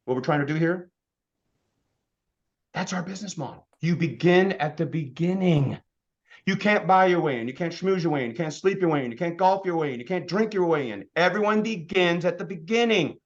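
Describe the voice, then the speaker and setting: A man in his fifties giving an energetic motivational business presentation as a sales trainer, firing off rhetorical questions. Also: fairly high pitch, brisk, highs cut off. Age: 50s.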